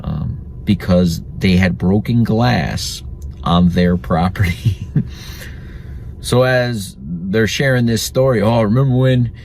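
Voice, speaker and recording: Low-voiced man telling family stories. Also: slow pace, vocal fry, darkish tone, slight background noise. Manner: chatty, reflective, laughs at his own stories. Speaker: podcast host. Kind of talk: solo storytelling podcast.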